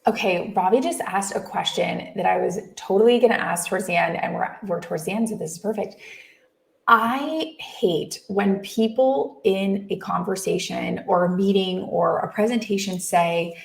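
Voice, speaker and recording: A woman's voice: mid-range voice, normal speed, creaky. A woman hosting an interview, asking long, chatty questions with lots of restarts and fillers. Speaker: host. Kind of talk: casual interview chat. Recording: echoey room.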